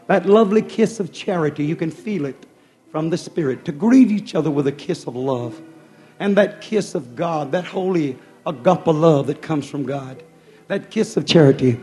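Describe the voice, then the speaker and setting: A man preaching a fervent sermon in a rhythmic style, often dropping suddenly soft. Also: a little high, expressive, moderate pace, faint music behind.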